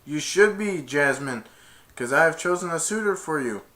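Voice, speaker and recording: A man's voice: fairly high pitch, expressive, normal speed, fairly bright tone, pitched above the performer's own voice. Old cartoon sultan, fussy and agitated, done by a man. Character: fussy old male sultan, easily upset.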